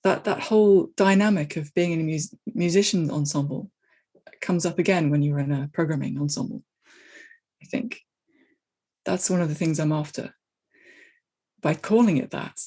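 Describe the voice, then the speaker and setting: A woman speaking as an interview guest about coaching software teams, thoughtful and given to restarts as she works through her ideas. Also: deep voice, normal speed, pauses often. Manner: thoughtful, talks in restarts and hedges. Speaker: guest, technical agile coach. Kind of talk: casual interview conversation.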